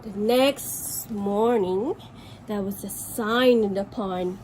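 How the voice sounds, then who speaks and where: A woman's voice: medium pitch, takes it slowly, darkish tone, slight background noise, poor audio. A woman from Malaysia, a teacher, reading a picture book aloud to children with chatty asides about the pictures. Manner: chatty asides to young listeners, pointing at pictures.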